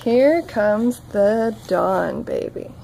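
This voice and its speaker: A mother at home reading a picture book aloud to her toddler, gently coaxing and prompting the child along. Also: mid-range voice, expressive, extremely slow, vocal fry, a crowd in the background, rough recording.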